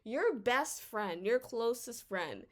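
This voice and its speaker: Rambling, exasperated woman with a high voice. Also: takes it slowly. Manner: animated, rambling, exasperated, with frequent stammered restarts. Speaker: vlogger reviewing a drama series. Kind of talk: casual commentary monologue.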